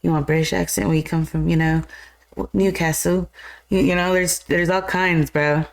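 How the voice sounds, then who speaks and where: A woman. She co-hosts a live stream and drops trivia in quick, enthusiastic asides. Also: on the low side, steady tone, gravelly. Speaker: co-host of a movie review stream. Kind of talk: casual chat.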